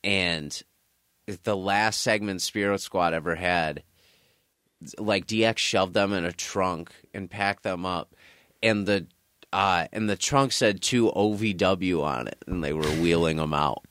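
A man's voice: sits low, a little slow, fairly bright tone, clean tone, dry recording, studio quality. A man chatting casually, blunt and sarcastic, swearing freely. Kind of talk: casual chat.

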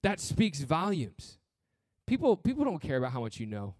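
A man's voice: fairly high pitch, huge pitch swings, moderate pace, darkish tone, dry recording, studio quality. A man preaching a sermon as pastor, earnest and blunt, with touches of humor and repeated phrases.

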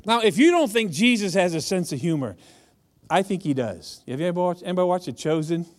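High-voiced man preaching casually. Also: lively intonation, fairly quick. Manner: chatty, humorous, addresses audience directly. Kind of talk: casual conversational sermon.

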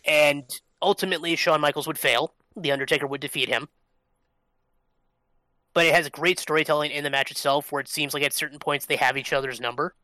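A man's voice: a little high, fairly even intonation, a little fast, pushed and bright, dry recording. A man co-hosting a podcast, explaining things at length in a loose, casual way, with lots of fillers and the odd swear word. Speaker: podcast co-host. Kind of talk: casual chat.

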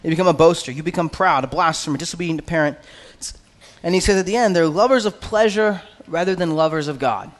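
A man preaching an expository sermon as pastor, earnest and conversational, with quick asides. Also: a little high, big-room sound.

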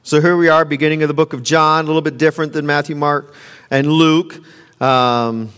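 A man, a pastor, giving a conversational sermon, animated and repeating his phrases. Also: a little high, fairly quick, smooth. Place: church sanctuary. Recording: long reverb of a large hall.

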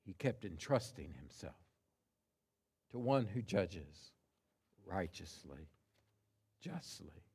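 A pastor preaching a sermon, emphatic and deliberate, swinging from hushed tones to loud cries and stressing single words. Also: male voice, deep voice, very animated, slightly rough.

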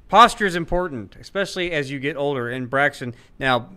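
A man's voice: fairly high pitch, lively intonation, brisk, bright, forceful tone, clear, resonant tone. A man who is a guest on a livestream debate, talking emphatically and teasingly.

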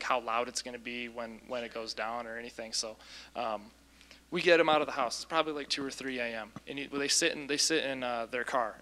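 A Christian minister casually recounts a deliverance story in a lively way, full of ums and restarts. His voice is medium in pitch.

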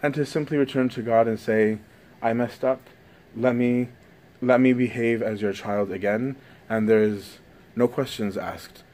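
A man's voice: medium pitch, fairly even intonation, measured pace, a little mellow. A man giving a conversational sermon, often asking "right?" as he goes. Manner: conversational, frequent "right?" tags.

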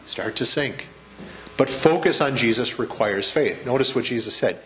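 With a mid-range, fairly bright voice and lively intonation, this pastor speaks at normal speed to his congregation in the sanctuary. He preaches conversationally, cracking jokes and asking the room questions.

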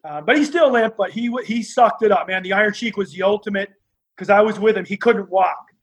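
A man telling lively stories as a guest, acting out the other people in his tales. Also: high voice, fairly quick, slightly rough, poor audio. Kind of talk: animated anecdotal storytelling.

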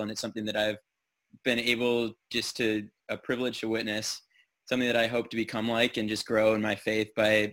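A young man with a low, bright voice speaks over a video call. He sincerely praises a close friend, pausing now and then to find his words. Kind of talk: heartfelt casual tribute.

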